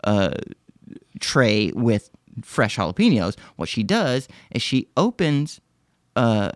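A man's voice: lowish voice, darkish tone, no echo, clean studio sound. A man casually telling a story on a podcast, rambling and profane, with many restarts and fillers. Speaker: podcast host.

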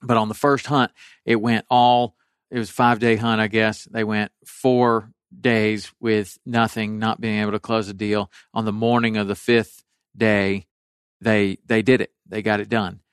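A middle-aged man with a low, smooth, resonant voice tells a story in a relaxed, rambling way. He often starts over mid-sentence and perks up when he quotes other people. The sound is dry and close. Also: normal speed, no room sound. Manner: rambling, with restarts, animated when quoting others. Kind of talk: casual storytelling chat.

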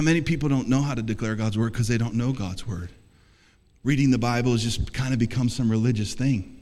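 A man's voice: mid-range voice, darkish tone. A man preaching an emphatic sermon as pastor, calling for responses from the congregation. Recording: long reverb of a large hall.

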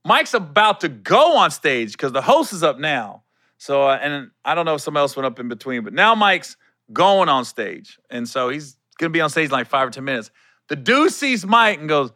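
A man hosting a podcast and telling a backstage story as a comedian, laughing often, swearing casually and acting out voices with sudden pitch jumps. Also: big pitch swings, normal speed, sharp tone, no room sound, studio quality. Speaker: stand-up comedian and podcast host. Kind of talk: animated storytelling chat.

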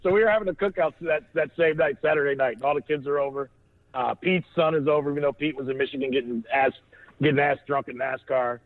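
A man's voice: on the high side, quick pace. A man telling a rambling story, full of restarts and laughter, as a podcast co-host. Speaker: podcast co-host on a phone line. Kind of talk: casual storytelling chat. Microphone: phone. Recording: tinny phone line.

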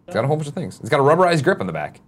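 A man co-hosting a casual gaming talk show, reading news stories aloud and cutting in with quick jokes. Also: fairly high pitch, big pitch swings.

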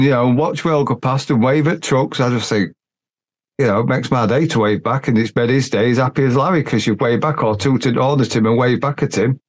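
A man's voice: mid-range voice, a little fast. Blunt, rambling podcast host, a man. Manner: blunt, rambling, colloquial, with frequent "I says". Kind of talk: casual podcast chat.

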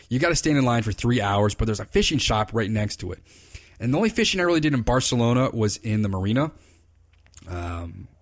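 A man hosting his own podcast, telling rambling, enthusiastic stories in casual chat. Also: mid-range voice. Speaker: podcast host, fly fishing consultant. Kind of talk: casual solo podcast talk. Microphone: computer recording.

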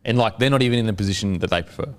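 A young Australian man guesting on a casual sports chat, laid-back and quick to laugh. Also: lowish voice. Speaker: podcast guest.

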